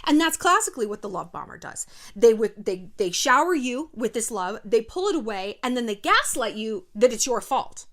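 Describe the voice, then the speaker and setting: A woman hosting a video, giving casual advice in an animated, sardonic way and swearing freely. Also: on the high side, moderate pace, few pauses. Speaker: video host.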